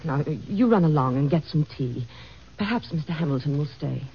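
An actress playing an anxious, devoted president's wife who talks earnestly and insists gently, in 1940s radio-acting style. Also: female voice, sits low, lively intonation, moderate pace, breathy edge, heavily acted. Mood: composed. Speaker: First Lady. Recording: dull old radio recording with faint hiss.

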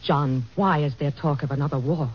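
A woman's voice: deep voice, moderate pace, slightly rough. An earnest, worried First Lady. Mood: pleading. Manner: earnest, gently insistent. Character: anxious devoted wife of a president, woman. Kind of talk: 1940s radio acting. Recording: dull old radio recording with faint hiss.

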